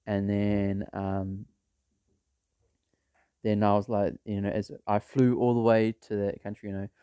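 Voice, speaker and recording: Rambling, mellow-voiced man. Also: fairly low pitch, level tone, measured pace, clean tone, no echo. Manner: rambling, with frequent fillers and restarts. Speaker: vlogger. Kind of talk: rambling casual storytelling.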